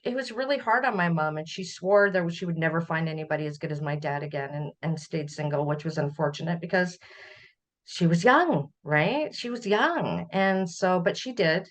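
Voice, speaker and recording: Middle-aged canadian woman chatting on a podcast, lowish voice, reminiscing, laughs a lot. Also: animated, moderate pace. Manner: warm storytelling, laughs while recalling. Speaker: podcast guest. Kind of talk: conversational interview.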